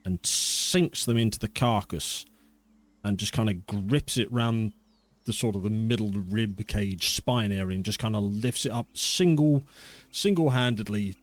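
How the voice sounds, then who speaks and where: A man's voice: on the low side, a little mellow, no room sound. A man narrating a tabletop fantasy game as its game master.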